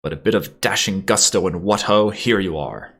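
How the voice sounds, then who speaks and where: A man voicing a shrill, pompous older male officer with a nasal whine and a put-on posh old English accent. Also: moderate pace, fairly bright tone. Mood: blustering. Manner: blustering, jolly, self-important.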